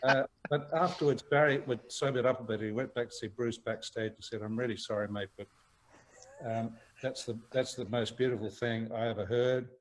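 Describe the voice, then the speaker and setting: A man's voice: medium pitch, fairly even intonation, brisk, hardly any pauses, slight background noise, rough recording. A man with a New Zealand accent, telling a rambling anecdote as a talk-show guest over a video call and laughing as he goes. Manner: rambling storyteller, laughs often, many restarts. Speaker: guest actor.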